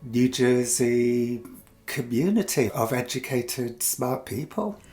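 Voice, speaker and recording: A man's voice: medium pitch, animated, takes it slowly, a little mellow. Thoughtful male podcast host. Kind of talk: interviewing and scripted narration.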